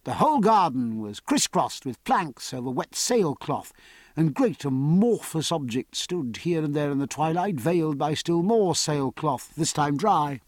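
Husky-voiced man narrating a story. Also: a little high, no echo, studio quality. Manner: measured, expressive storytelling with varied character voices. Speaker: audiobook narrator. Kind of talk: scripted narration.

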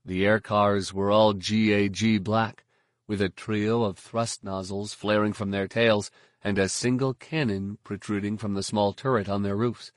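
A man reading scripted audiobook narration in a steady, even storytelling manner. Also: on the low side, measured pace, dry recording, studio quality.

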